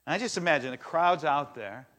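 A man preaching a sermon, retelling a story in a casual, animated storytelling way. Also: on the high side, fairly quick. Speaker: pastor.

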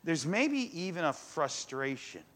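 An older man preaching a sermon to a congregation, telling a story with animated energy and acting out the voices in it. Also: on the high side, a little slow. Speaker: pastor. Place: church in front of a congregation.

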